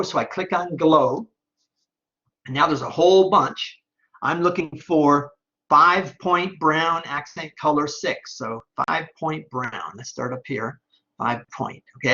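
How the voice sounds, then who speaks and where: A man teaching an online class, talking step by step through a screen-recorded software tutorial and checking in often with "okay?". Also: on the high side, lo-fi sound. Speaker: online instructor.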